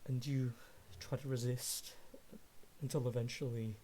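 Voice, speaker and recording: Man, game master, slow narration, measured, faint hiss. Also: medium pitch, steady tone, dark tone.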